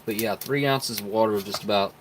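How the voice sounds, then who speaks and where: Here a man on a live stream samples and mixes military ration food and drinks, talking to viewers in a chatty, folksy way the whole time. His low voice moves fairly quickly, and there is a little hiss or hum.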